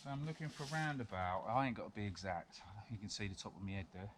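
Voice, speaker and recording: A man's voice: on the low side, animated, quick pace. A man, a vlogger chatting casually and rambling a little as he demonstrates bushcraft in the woods. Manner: rambling and chatty, with frequent chuckles. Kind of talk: casual outdoor chat and demonstration. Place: woodland outdoors. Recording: outdoor background noise.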